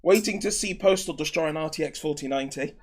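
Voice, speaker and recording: A man with a notably high voice co-hosts a casual stream. He reads out viewer messages and jokes along with the others. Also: quick pace. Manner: jokey, playful banter. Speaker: co-host reading super chats. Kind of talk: casual live-stream chat.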